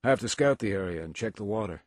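A man's voice: fairly low pitch, expressive, fast, no echo, clean studio sound, close to an everyday voice. A man voicing a hard, terse one-eyed convoy guard in an audiobook, with clipped, curt lines. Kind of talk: audiobook character voice.

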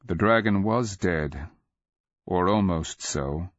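A man narrating a dark fantasy story in a measured, deliberate way. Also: sits low, no echo. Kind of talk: dramatic fantasy audiobook narration. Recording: dull lo-fi dry recording.

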